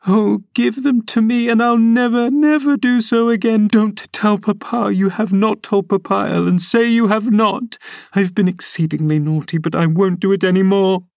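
A man voicing a distraught teenage girl who pleads in a high, breathless voice in an audiobook reading. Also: fairly even intonation, normal speed, gravelly, darkish tone, dry recording, clean studio sound. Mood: distraught pleading.

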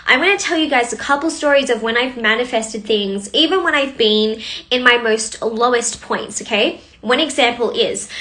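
A young woman talks with bubbly, chatty energy on a live coaching stream. Her voice sits high and sounds bright and forceful. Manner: bubbly and chatty, greets viewers by name. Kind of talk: casual live-stream talk to viewers.

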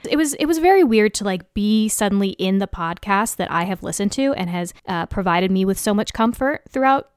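In a clean studio recording with no echo, a young woman delivers a relaxed solo podcast monologue, frank and self-mocking, performing the lines she quotes. Her medium-pitched voice is smooth, at a normal speed with hardly any pauses.

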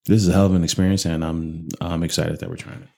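A man's voice: sits low, little pitch movement, fast talker, gravelly, a little mellow. A man co-hosting a podcast, chatting casually and loosely about whiskey, swearing freely and rambling with fillers. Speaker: podcast co-host reviewing whiskey. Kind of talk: casual chat.

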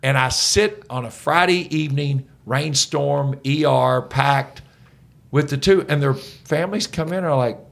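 Gravelly middle-aged coach telling stories. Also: male voice, on the high side, a little slow. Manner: animated, energetic storyteller. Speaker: head basketball coach, podcast guest. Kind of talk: conversational storytelling.

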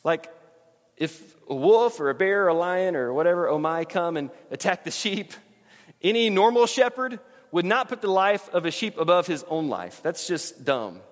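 A man's voice: sits high, animated, normal speed, big-room sound. A middle-aged man preaching a sermon as a pastor, talking to the congregation in a conversational way and repeating words when he stresses a point.

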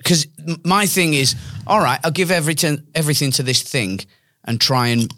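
Young male co-host, earnest and reflective with some teasing; bright, forward tone, dry close sound. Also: fairly high pitch, brisk, dry recording. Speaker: podcast co-host, comedian. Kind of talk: casual chat.

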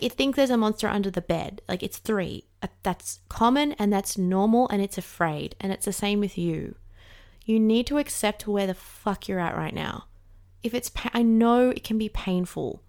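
A woman with a gravelly, fry-laced voice talks in a candid, chatty way. Her pitch sits in an ordinary middle range. She fills her speech with casual fillers and the odd swear word. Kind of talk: casual reflective monologue.

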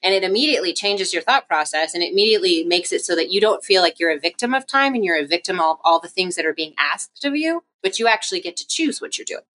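A woman guest, a physical therapist, talking in a casual, chatty interview and telling stories with lively acted quotes. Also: fairly low pitch, fast, few pauses.

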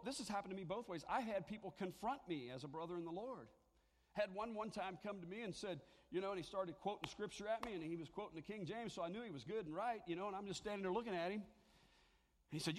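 A man's voice: sits high, big-room sound. A man preaching a sermon to his congregation in a church, talking in a conversational way and joking with them. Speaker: pastor. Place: church sanctuary.

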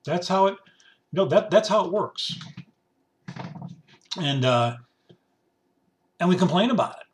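A man's voice: sits high, expressive, a little slow, recorded from a distance, a little hiss or hum. A middle-aged man in a casual ranting monologue, sarcastic and rambling, who drops into grumbling voices to mimic people who complain. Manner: rambling with restarts and repetition. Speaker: commentator.

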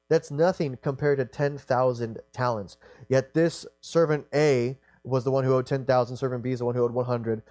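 Young male preacher, mid pitch, earnest and halting delivery, dry close sound. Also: darkish tone, no room sound. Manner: earnest, halting with repeated restarts. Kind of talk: sermon.

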